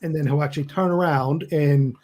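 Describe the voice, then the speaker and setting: A man's voice: on the high side, steady tone, fairly quick, darkish tone. A man narrating as game master, casual and stopping often to search for words.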